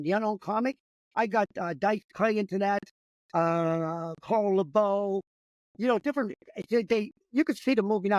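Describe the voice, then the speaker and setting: A man's voice: high-pitched, no echo, rough recording. An older man, a comedian, telling a rambling, profane story in casual conversation. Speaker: comedian guest.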